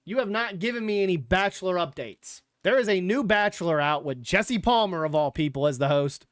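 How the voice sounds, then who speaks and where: A young man hosts his sports podcast livestream, loose and rambling, tossing in sarcastic asides and the occasional curse. His smooth, clear voice sits a touch high for a man, animated and a little fast, recorded dry and close with no room echo.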